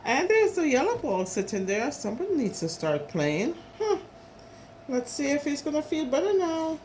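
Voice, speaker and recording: Animated woman reading a picture book. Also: high-pitched, moderate pace, a little hiss or hum. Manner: animated, chatty, commenting on the pictures. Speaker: storyteller for preschoolers.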